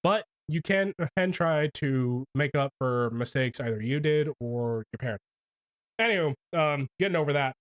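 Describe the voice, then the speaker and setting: A man's voice: on the high side, expressive, moderate pace. Profane ranting young male streamer. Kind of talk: casual livestream commentary.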